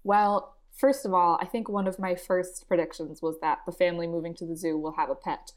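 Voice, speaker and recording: A woman's voice: on the low side, steady tone, brisk. A woman co-hosts a laid-back movie podcast. She talks in a loose, chatty way, laughs often, and acts out her own reactions as she goes. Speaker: podcast co-host. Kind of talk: casual movie chat.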